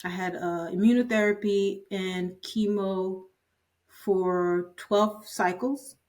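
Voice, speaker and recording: A woman's voice: medium pitch, fairly even intonation, slow pace, darkish tone. A woman in her fifties candidly recounting her own story in an interview, acting out the conversations she had with others. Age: 50s. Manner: candid, retells scenes by quoting others. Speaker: patient sharing her story. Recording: voice from a distance.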